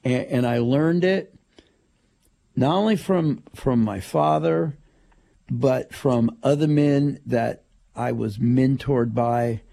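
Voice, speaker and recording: A man's voice: mid-range voice, slow, gravelly, warm tone. An older man co-hosting a radio show, chatting casually, reflective and drily humorous. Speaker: radio co-host.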